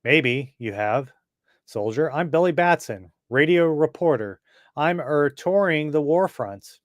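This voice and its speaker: A man's voice: on the high side, expressive, a little slow, no echo. A man voicing a cheerful young boy radio reporter in a comic reading, eager and chatty. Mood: sly.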